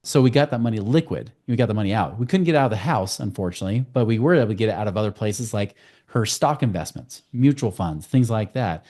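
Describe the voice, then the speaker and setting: A man speaking as a guest on a podcast interview, telling client stories in a quick, storytelling way. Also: lowish voice, expressive, a little mellow. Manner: fast, storytelling with client anecdotes. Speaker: guest, financial coach.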